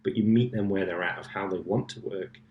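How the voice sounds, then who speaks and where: A man's voice: deep voice, fairly even intonation, fairly quick, dull audio. A man as a guest in a casual interview chat, speaking confidently in short, punchy phrases. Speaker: guest executive. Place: conference venue. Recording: roomy echo.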